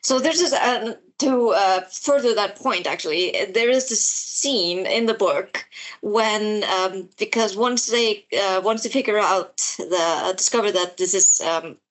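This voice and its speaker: A woman's voice: medium pitch, measured pace. A woman co-hosting a podcast, talking casually about a book in a rambling way, full of fillers and restarts. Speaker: podcast co-host. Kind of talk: casual chat about books.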